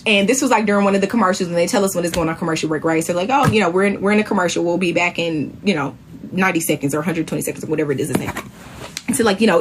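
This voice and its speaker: A young woman chatting casually on a live stream, telling a lively story and acting out what people said. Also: slight background noise. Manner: animated storytelling, acts out quotes in high voice. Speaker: reality show contestant.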